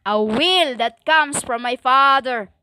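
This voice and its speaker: A woman preaching a stern religious monologue in halting non-native English, with many fillers and emphatic repetition. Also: high-pitched, pushed and bright, smooth, no echo, clean studio sound. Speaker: self-styled prophetic preacher.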